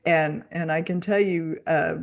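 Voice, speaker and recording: Upbeat lower-voiced woman podcast host. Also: fairly even intonation, unhurried, gravelly. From Dallas, Texas, USA. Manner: upbeat, laughs often. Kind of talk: casual book-review chat and reading aloud.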